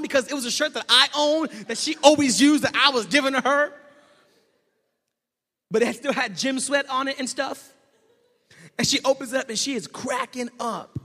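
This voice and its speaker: A male pastor preaching a sermon, telling a story and swinging from shouting to hushed tones. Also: very high voice, moderate pace, slightly rough. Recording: echoey hall.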